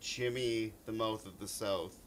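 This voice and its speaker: A man's voice: lowish voice, steady tone, a little slow. Teasing male podcast co-host, faint hiss. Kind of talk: casual chat.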